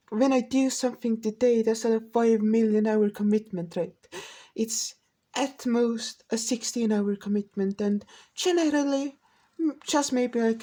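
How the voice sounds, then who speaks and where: Woman vlogger, high voice, profane rambling rant, lots of restarts. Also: mellow. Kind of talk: casual rant to camera.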